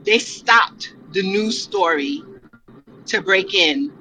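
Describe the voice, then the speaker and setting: A woman co-host speaking in a slow, measured way during a casual chat. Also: medium pitch, bright, forceful tone, faint music behind, poor audio.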